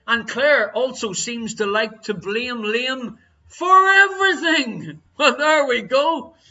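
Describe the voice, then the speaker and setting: Irish man, quiz host, high voice, teasing jokey banter, dull lo-fi stream audio. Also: slow pace, pushed and bright. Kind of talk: live-streamed quiz hosting.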